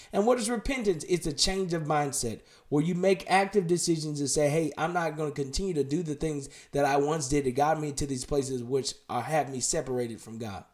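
A man preaching a podcast sermon, firing direct questions at the listener and dropping to a hushed, tender voice. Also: high-pitched.

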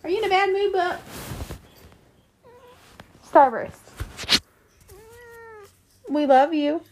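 A woman's voice: extremely high pitch, extremely slow, darkish tone, a little hiss or hum. A woman hosting a podcast who talks in coaxing baby talk to her pet cat, asking it sing-song questions. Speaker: pet owner and podcast host.

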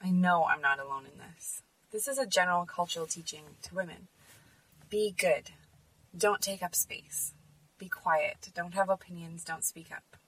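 A woman's voice: fairly low pitch, moderate pace, a bit bright, husky, far from the mic, poor audio. A woman hosting a podcast, speaking in an earnest, emphatic personal monologue. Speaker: podcast host.

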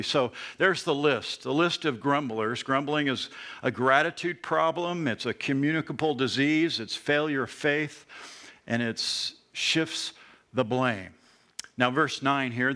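Middle-aged male pastor, sermon, conversational preaching, bright voice. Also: mid-range voice, a little slow. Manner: conversational preaching with animated asides.

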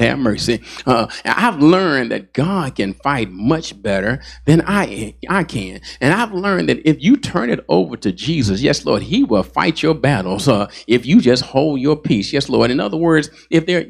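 A man's voice: medium pitch, vocal fry. A man, a pastor, preaching a sermon and punctuating his points with "yes, Lord" and "hallelujah.".

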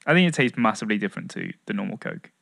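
A man's voice: fairly low pitch, lively intonation, creaky, fairly bright tone, dry recording, studio quality. A man, co-hosting a podcast in easygoing casual chat and leading the segment. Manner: easygoing, leads the segment with quick agreements. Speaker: podcast co-host.

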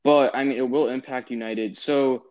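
A man's voice: mid-range voice, steady tone, moderate pace, a little mellow. A young man co-hosting a casual sports podcast, giving opinions with lots of ums and restarts. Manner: opinionated, hesitant with many fillers. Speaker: podcast co-host. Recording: dull lo-fi sound.

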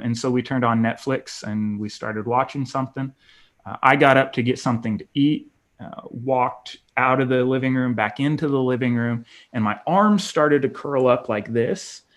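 Halting, candid male pastor. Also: mid-range voice. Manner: halting, many fillers and restarts; candid, personal. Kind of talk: conference breakout talk.

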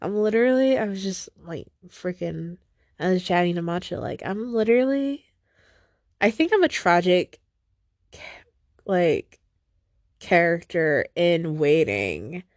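A woman's voice: lowish voice, lively intonation, unhurried, long pauses, a little mellow, no echo, studio quality. A young woman hosting a solo podcast, venting in a rambling, frustrated way, swearing and often breaking off mid-sentence. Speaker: podcast host.

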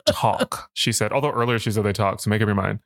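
A man's voice: on the low side, fairly even intonation, rapid-fire, a bit bright, no room sound. A man co-hosting a podcast, casually recapping a horror film scene by scene with dry jokes and quoted lines. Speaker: podcast co-host.

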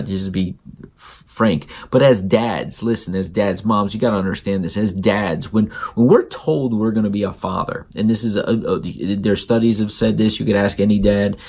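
A man with a very deep, gravelly voice that has a husky edge hosts a casual podcast monologue. He talks earnestly and emphatically, circling back to repeat his points. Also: a little mellow. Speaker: podcast host.

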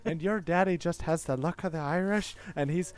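A young man co-hosting a casual comedy podcast, rambling and excitable, with lots of slang and restarts. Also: on the high side, moderate pace, a crowd in the background. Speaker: podcast co-host.

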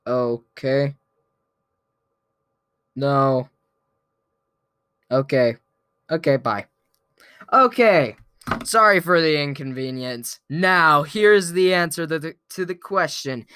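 Male vlogger, slow drawn-out delivery, bright clear voice, playful storytelling, frequent chuckles. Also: a little high, dry recording. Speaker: vlogger telling a weekly story. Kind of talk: casual storytelling to camera.

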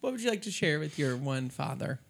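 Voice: mid-range voice, sing-song, a little fast, vocal fry, slight background noise. A co-host in casual chat, teasing crudely and laughing a lot.

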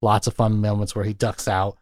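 A man's voice: lowish voice, little pitch movement, brisk, darkish tone, no room sound, studio quality. A man co-hosting a casual film discussion, rambling and retelling scenes with lots of fillers. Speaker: podcast co-host. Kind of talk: casual chat.

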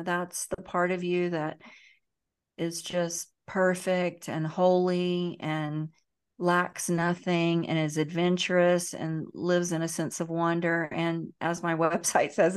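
Woman, lowish voice, earnest, chatty, video call interview. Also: flat delivery, measured pace, smooth. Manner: warm, earnest, speaks with many fillers and restarts. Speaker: guest, emotional healing educator. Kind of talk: casual interview talk.

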